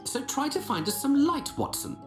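A woman voicing a brisk, confident detective in a game, teasing and theatrical, with music and echo behind. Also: high-pitched, wildly swooping pitch. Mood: wry. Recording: game audio, echoey with music.

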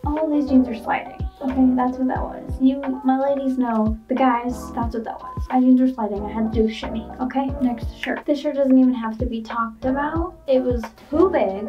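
A woman's voice: high voice, fairly even intonation, moderate pace, few pauses. A young woman vlogger chatting playfully through a clothing try-on haul, full of "like" and "okay?". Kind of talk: casual try-on haul chat. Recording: muffled and distant with background music.

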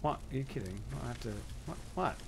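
An excitable streamer hams up a fake Texas drawl while he plays, his voice leaping all over as he yells at the screen. Game sound runs loud underneath him. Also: mid-range voice, fast talker, vocal fry, a little hiss or hum. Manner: putting on a joking Texas drawl. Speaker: gameplay streamer. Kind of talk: live let's-play commentary.

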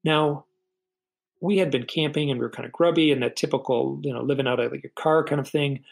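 A middle-aged man, a podcast guest, telling a personal story in an earnest, halting way, often repeating a word as he starts a sentence. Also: medium pitch, steady tone, vocal fry, poor audio.

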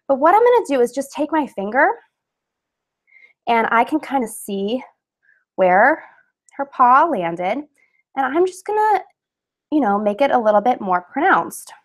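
A woman hosting a casual live craft webinar from home on a webcam, chatty and upbeat, with fillers and laughs. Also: on the high side.

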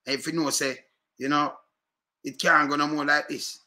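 A man with a Jamaican accent speaks in a bright, cutting tone, sitting a little higher than most men. He rants casually at his viewers, circling back over the same points and throwing out rhetorical questions. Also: flat delivery, normal speed. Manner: repetitive, fired-up, rhetorical questions. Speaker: commentator.

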